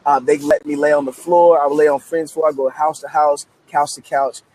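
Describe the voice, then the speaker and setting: A man's voice: fairly high pitch, a little fast, a little hiss or hum. Hyped-up man telling his story. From Memphis, United States. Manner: energetic, repetitive restarts, emphatic. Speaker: guest author. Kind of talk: animated storytelling interview.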